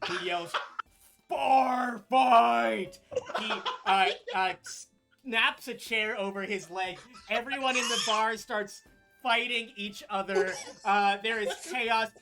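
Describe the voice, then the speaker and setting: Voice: mid-range voice, bright, forceful tone. A dungeon master narrating a tabletop game, hesitant with fillers, building the scene.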